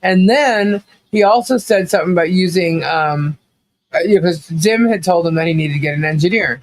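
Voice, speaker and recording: High-voiced animated male commentator. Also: fairly quick, slight background noise, rough recording. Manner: animated storyteller, acts out quotes with laughing asides. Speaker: podcast co-host. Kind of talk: casual commentary.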